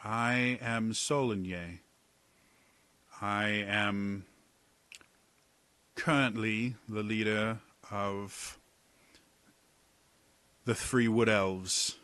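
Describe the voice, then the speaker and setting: A man's voice: lowish voice, steady tone, pushed and bright, clear, resonant tone, dry recording, exaggerated voice. A man voicing a poised, formal female wood elf leader in a tabletop game. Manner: formal, measured, coolly polite.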